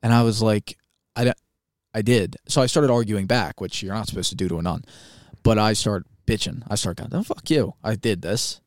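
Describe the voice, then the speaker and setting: A young man co-hosting a podcast, telling a story in a casual, animated, swearing way and acting out quoted voices. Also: on the low side, brisk, no echo, studio quality. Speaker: podcast co-host.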